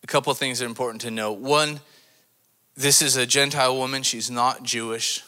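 Forceful-voiced man preaching a sermon. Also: steady tone, a little fast. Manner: asks the congregation rhetorical questions; dramatic swings in pitch and loudness. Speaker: missions pastor. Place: church service before a congregation.

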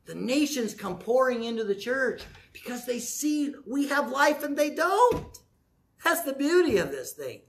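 A man's voice: very high voice, very animated, unhurried. A man in his sixties, a pastor preaching a sermon in a folksy, joking, conversational way. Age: 60s.

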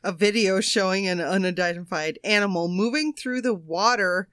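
A woman's voice: medium pitch, normal speed, a bit bright, no echo, clean studio sound. A woman on a comedy panel show, reading odd news stories and breaking into giggles as she goes.

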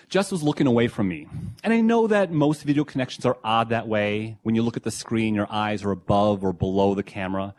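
A young adult man reading his own memoir essay in a reflective, measured, quietly emotional way. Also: on the low side. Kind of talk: first-person memoir reading.

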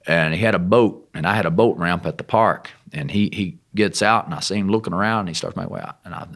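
A man, a missionary guest, telling his testimony in a folksy, rough-spoken and animated way. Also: low-pitched, brisk, hardly any pauses. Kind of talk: casual testimony storytelling.

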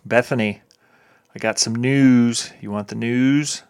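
Man in his thirties, gravelly voice, rambling podcast co-host. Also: medium pitch, steady tone, slow, darkish tone. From northern Ohio, US. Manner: rambling, jokey. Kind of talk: casual chat.

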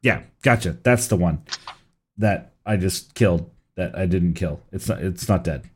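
A man's voice: low-pitched, unhurried, a little mellow, a little hiss or hum. A man running a tabletop game as game master, casual, swearing freely and laughing often.

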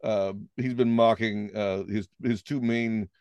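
A man's voice: fairly low pitch, steady tone, measured pace, darkish tone, smooth, no echo. A man in casual political discussion, opinionated and conversational, with frequent hesitations.

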